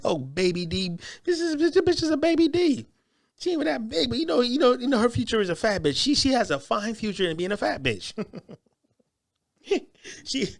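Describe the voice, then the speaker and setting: A man riffs through profane reaction commentary, mocking what he watches and laughing often. His voice sits high and swings widely in pitch. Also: sing-song, fairly quick, vocal fry, a bit bright.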